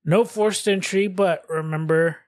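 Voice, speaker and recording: A young man co-hosts a podcast, telling the details of a case in a loose, crude way. His voice sits fairly high. The sound is dry and close, with no room around it. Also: steady tone, measured pace, dry recording. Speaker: podcast co-host. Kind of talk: casual podcast chat.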